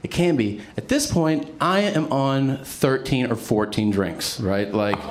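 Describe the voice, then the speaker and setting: A man's voice: medium pitch, unhurried, a crowd in the background. A man telling a long personal story in casual chat, laughing often and acting out what others said, with frequent fillers.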